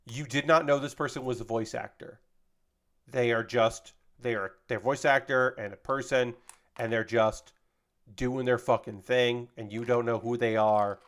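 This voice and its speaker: A man's voice: mid-range voice, a bit bright. A man chatting casually on a live stream while building LEGO, rambling and swearing freely as he reads out chat messages.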